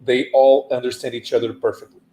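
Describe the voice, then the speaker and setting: A man's voice: medium pitch, flat delivery, brisk, dark tone, slight background noise. Man explaining at length, echoey room. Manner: long explanations with many restarts. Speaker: podcast panelist. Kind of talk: casual chat.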